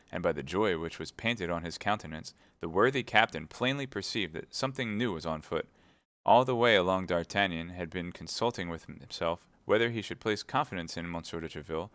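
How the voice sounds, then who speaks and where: A man reading a classic novel aloud on a live stream, steady narration with chatty asides to viewers. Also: sits low, dry recording.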